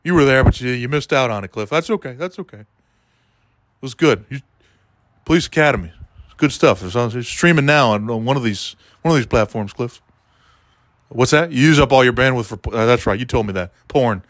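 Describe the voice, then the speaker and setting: A man doing a rambling, deadpan comedy monologue, talking to a listener by name as he goes. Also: medium pitch, fairly quick, no echo, clean studio sound. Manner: meandering, deadpan, keeps addressing a listener by name.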